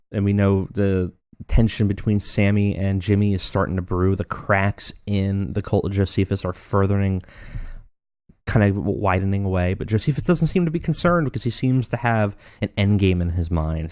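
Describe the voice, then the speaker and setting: Low-voiced man with rambling commentary. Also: no echo, studio quality. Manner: relaxed, rambling, filler-heavy narration. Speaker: let's play host. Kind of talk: casual game commentary.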